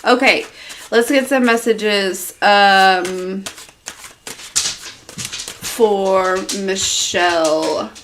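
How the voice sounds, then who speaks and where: A woman's voice: mid-range voice, steady tone, extremely slow, long pauses, fairly bright tone, a little hiss or hum. A woman giving a live tarot reading, rambling and hesitant with many fillers. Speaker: tarot reader. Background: dog in the room.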